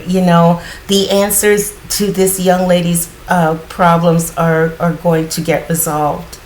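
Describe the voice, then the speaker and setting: A woman giving a casual spiritual card reading in a groggy morning voice, often clearing her throat and rambling reassuringly with lots of fillers. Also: on the low side, flat delivery, unhurried, few pauses, darkish tone, slight background noise, poor audio. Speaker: tarot card reader.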